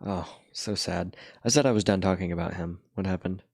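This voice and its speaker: A man's voice: sits low, brisk, vocal fry, no room sound, clean studio sound. A man chatting casually while drawing, retelling a cartoon episode in a laid-back, rambling way.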